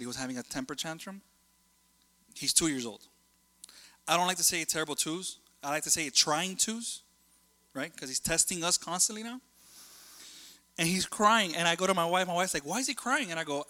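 Man, sermon, chatty and animated, very bright voice, long hall reverb. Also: fairly high pitch, fairly quick, pauses often. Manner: animated, conversational, jumps between stories. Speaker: preacher.

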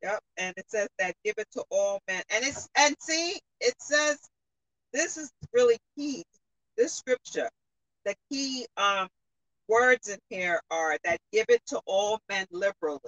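Bright voice explaining scripture. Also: mid-range voice, expressive, dry recording, low-quality recording. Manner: halting, explains verse phrase by phrase.

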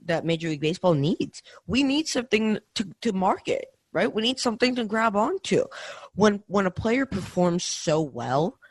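Young guy on a sports podcast, animated, lots of restarts, dry close mic. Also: sits high, dry recording. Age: young adult. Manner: animated, many restarts and tag questions. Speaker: podcast co-host. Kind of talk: casual sports podcast chat.

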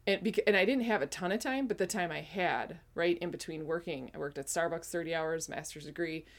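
A woman's voice: on the low side, a little fast. A woman in her forties telling a casual personal testimony, rambling with frequent self-corrections. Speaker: speaker sharing a spiritual testimony.

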